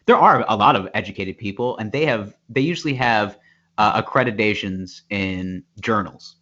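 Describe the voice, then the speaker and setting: A man co-hosting a casual podcast, rambling and animated, slipping into voices as he retells stories. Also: fairly low pitch, normal speed. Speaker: podcast co-host. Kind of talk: casual chat. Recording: dull lo-fi podcast audio.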